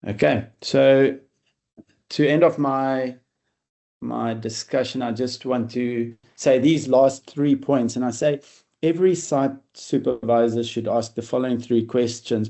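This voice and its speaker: A man presents a safety session over a video call. His voice is mellow and dark in tone. He speaks in a relaxed way, often pausing with fillers and restarting his sentences. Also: medium pitch. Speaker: webinar presenter on work-at-height safety. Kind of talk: online presentation.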